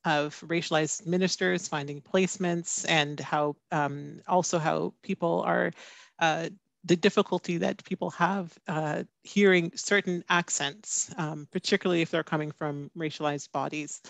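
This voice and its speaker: A man interviewing a guest, speaking in a measured way with hesitant fillers. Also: fairly high pitch, steady tone, creaky, a bit bright, no room sound. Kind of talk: interview question.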